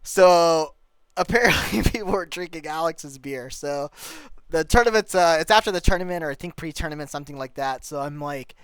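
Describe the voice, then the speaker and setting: A man's voice: fairly high pitch, moderate pace, clean tone, no room sound. A man co-hosting a casual podcast, telling stories animatedly, acting out quotes and swearing freely. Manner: animated storyteller who acts out quotes, profane. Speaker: podcast co-host and tournament organizer.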